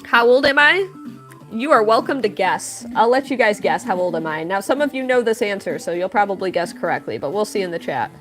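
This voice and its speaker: A woman's voice: mid-range voice, animated, fairly quick, soft background music. A woman in her thirties chatting casually with her livestream audience while she draws. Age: 30s. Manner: chatty, talking to chat while drawing. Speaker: livestream artist.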